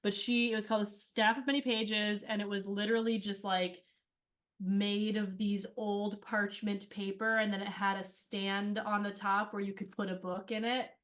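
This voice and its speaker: A woman's voice: medium pitch, flat delivery, normal speed, fairly bright tone. A woman interviewed as a cast member, telling rambling stories in casual chat with many fillers.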